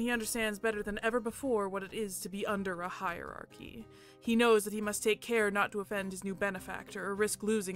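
A woman hosting a let's play, reading a visual novel's narration aloud in a soft, measured voice. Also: mid-range voice.

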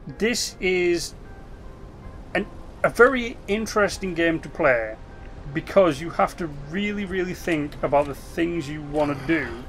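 A man talks through a strategy game in loose, casual commentary, his voice sitting a little high for a man. He breaks off for asides and restarts his sentences as he explains the rules. Faint music plays underneath. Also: fairly bright tone. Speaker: gaming video host.

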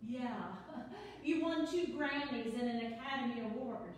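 A woman playing a nervous, chatty young lyricist in a play reading, talking quickly and laughing at herself. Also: fairly high pitch, slight background noise, natural voice. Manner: quick, jittery, self-mocking, laughs often. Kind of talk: reader's theater play reading. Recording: echoey room, far from the mic.

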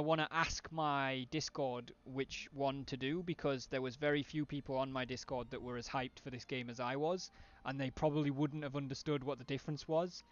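A man's voice: mid-range voice, muffled recording. A man thinking aloud with wry asides as he streams a strategy game live.

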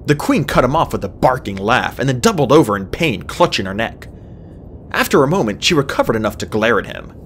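A woman narrating a fantasy audiobook in an expressive storybook style. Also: fairly quick, a little hiss or hum. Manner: expressive, swings pitch widely.

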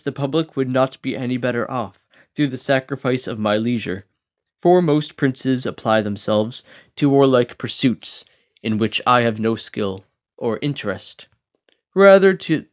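A man reads a classic book aloud in a steady, measured way, his voice sitting at a middle pitch. The reading is plain amateur audiobook narration with a few small slips and restarts. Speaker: audiobook reader.

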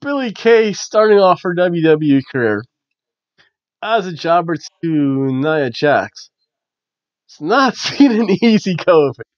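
A man hosting a casual wrestling review, chatty and animated with lots of fillers. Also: on the high side, takes it slowly, no room sound. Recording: dull, dry lo-fi recording.

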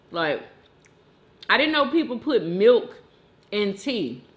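A woman's voice: mid-range voice, slow. A woman hosting an eating show, chatting casually and effusively and talking straight to her viewers. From United States. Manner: animated and effusive, talks straight to viewers as "y'all".

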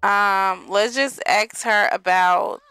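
A woman's voice: mid-range voice, steady tone, takes it slowly, sharp tone, clean tone, no room sound, soft background music. A young woman casually narrating her life-simulation game, chatty and sassy, speaking straight to viewers. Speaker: gaming video host.

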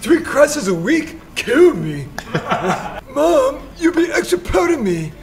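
A man putting on a high, whiny voice for a dim young college dropout who dreams of being president, laughing between lines. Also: very animated, slow pace, crowd noise, full character voice. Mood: goofy. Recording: music in background.

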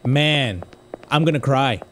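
Excitable man yelling over a game. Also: mid-range voice, slow, heavy background noise. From United States. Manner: excitable, swings from muttering to yelling. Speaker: gaming streamer. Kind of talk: casual game commentary.

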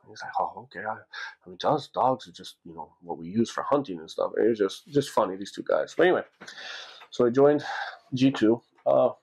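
A man's voice: deep voice, gravelly, darkish tone, rough recording. A middle-aged man casually telling stories from his time in the navy, rambling with many fillers and asides. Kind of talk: casual storytelling.

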